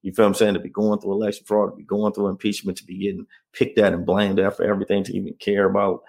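Gravelly deep-voiced man telling his story. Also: level tone, fast talker, a little mellow. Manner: earnest, keeps asking "you know what I mean?". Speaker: interview guest. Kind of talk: emotional personal storytelling.

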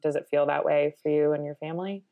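A woman's voice: low-pitched, steady tone, fast talker, gravelly, phone-quality sound. A woman hosting a podcast, asking empathetic questions in a casual interview. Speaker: podcast host.

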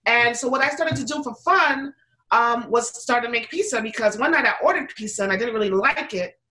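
A woman talking through her story in a relaxed interview, her voice bright and a little high. She rambles with fillers and restarts and slips into quick impressions of what people said. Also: low-quality recording. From United States. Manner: chatty, many fillers and restarts, acts out quotes. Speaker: interview guest, pizza business owner.

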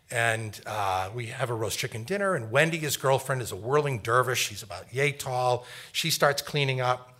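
A middle-aged man telling a personal story live on stage, animated and acting out the voices of family members. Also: mid-range voice.

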